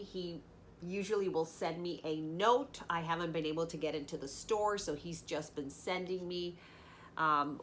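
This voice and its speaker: A woman in her fifties, congested and a little nasal from sinuses, chats eagerly to her viewers as she unboxes a purchase. Her voice sits on the low side and she stretches out words she wants to stress. A faint hum of room ambience stays behind her. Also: fairly bright tone. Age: 50s. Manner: enthusiastic, chatty, drawn-out emphasis on words. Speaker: luxury unboxing channel host. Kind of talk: casual direct-to-camera chat.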